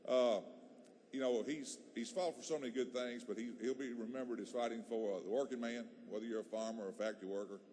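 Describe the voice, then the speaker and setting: A male legislator gives a heartfelt, halting tribute speech on the floor of a large chamber, starting over often. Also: mid-range voice, steady tone, mellow. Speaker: state legislator.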